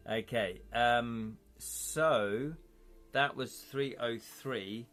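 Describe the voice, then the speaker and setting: Slow-talking man reading a gamebook. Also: mid-range voice, fairly bright tone, soft background music. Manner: thinks aloud, chatty with viewers. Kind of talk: live-streamed gamebook play, narration and chat.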